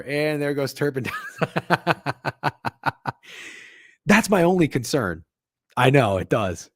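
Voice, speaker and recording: Hosting a sports betting livestream, a man chats loosely and profanely with his viewers, joking with chat. His medium-pitched voice swings widely in pitch and moves slowly with long pauses, on a dry, clean studio recording.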